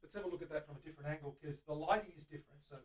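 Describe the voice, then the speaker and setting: A man's voice: fairly high pitch, very fast, distant mic. Australian man demonstrating in a workshop. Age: middle-aged. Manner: enthusiastic, chatting to live viewers while working. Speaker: luthier host. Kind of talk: live-streamed workshop demonstration. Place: guitar workshop. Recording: voice from away from the mic.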